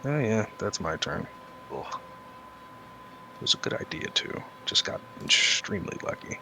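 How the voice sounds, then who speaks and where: Deep, gravelly, bright-edged man. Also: very animated, moderate pace, a little hiss or hum, poor audio. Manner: rueful, talks through his mishaps. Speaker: player. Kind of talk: casual tabletop play.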